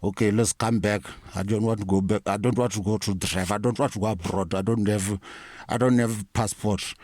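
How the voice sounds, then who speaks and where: Man, South African accent, low voice, dry sound, rambling comic rant, profane, mock-preachy. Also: steady tone, brisk, a little mellow, dry recording. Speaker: comic storyteller.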